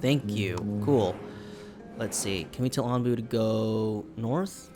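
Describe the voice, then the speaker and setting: A man with a sick, hoarse voice casually commenting while playing a video game, thinking aloud in an easygoing way. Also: on the low side. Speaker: let's play host.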